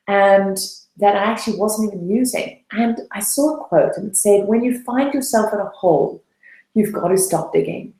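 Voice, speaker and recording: A woman's voice: medium pitch, moderate pace, warm tone, reverberant, poor audio. A woman coach giving a webinar talk, telling her own story in an earnest, personal way. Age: adult, past her late twenties. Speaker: debt-freedom coach.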